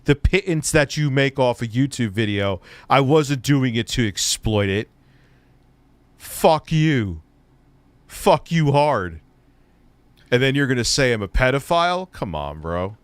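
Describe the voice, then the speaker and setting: A man's voice: mid-range voice, expressive, unhurried, clean tone, no echo. A man hosting a live stream, ranting in a profane, exasperated way. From United States. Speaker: streamer host. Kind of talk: heated live-stream chat.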